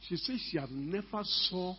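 A man's voice: high voice, moderate pace, a little hiss or hum. An older man preaching a sermon as a pastor, emphatic and full of rhetorical questions to the congregation. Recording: echoey hall, dull lo-fi sound.

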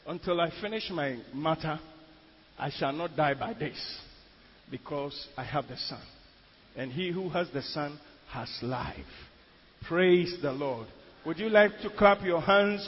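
A man from Ghana preaching a sermon as pastor, moving from quiet storytelling to shouted declarations. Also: high-pitched, slightly rough. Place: church sanctuary. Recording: dull recording in a long-reverb church hall.

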